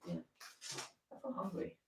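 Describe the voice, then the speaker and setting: A woman co-hosting a casual livestream, throwing in playful, teasing remarks. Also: slow. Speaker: co-host. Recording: echoey room with background noise.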